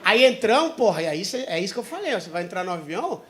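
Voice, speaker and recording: A man with a Brazilian Portuguese accent doing stand-up, telling a loud, profane story. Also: high voice, very animated, racing. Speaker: stand-up comedian.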